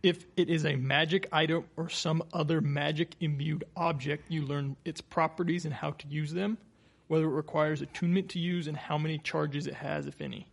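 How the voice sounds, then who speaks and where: A man plays in a tabletop role-play with a playful manner. His voice is gravelly and husky, and sits fairly high. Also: steady tone, fairly quick. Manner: playful, reads rules aloud. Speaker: player.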